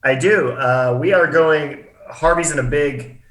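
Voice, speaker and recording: A man chatting as a podcast guest over a video call, halting and easygoing, often restarting his sentences. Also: a little high, a bit bright, echoey room. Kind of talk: casual chat.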